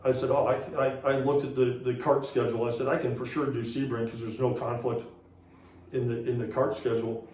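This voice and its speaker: A man's voice: medium pitch, level tone, a little fast, darkish tone, reverberant, far from the mic, poor audio. A man, a guest on an interview show, telling a story casually and rambling, with lots of repeated "he goes" as he retells conversations. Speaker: interview guest, former racing series director.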